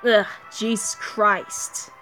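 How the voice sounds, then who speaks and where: A woman's voice: medium pitch, fairly even intonation, very slow, sharp tone, faint music behind. A woman commenting on a game she is playing, joking and giggling often. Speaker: game streamer.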